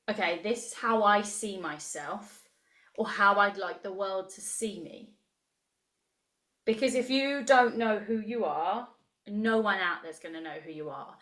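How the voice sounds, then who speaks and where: A woman's voice: mid-range voice, a bit bright. A woman in her thirties coaching a live online group, chatty and enthusiastic as she reacts to the chat. Her voice sits in a middle range. The room around her carries a noticeable echo. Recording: roomy echo.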